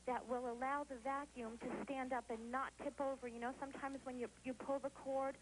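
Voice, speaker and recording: A woman from New Jersey rings in to a home shopping broadcast and raves in a chatty, gushing rush. Her voice sits slightly high, and a faint hiss runs under it. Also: little pitch movement, brisk, poor audio. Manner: gushing, chatty, laughs easily. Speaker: call-in viewer. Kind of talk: phone-in testimonial.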